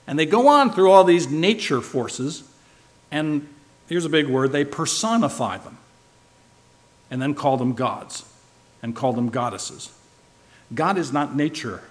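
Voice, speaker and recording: A man preaching a sermon, his voice a touch higher than most men's. He leans hard on key words and swings between loud and soft to drive each point home, checking in with rhetorical questions. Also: expressive, measured pace, pauses often. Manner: emphatic, shifting loud and soft for stress; asks the listeners rhetorical questions.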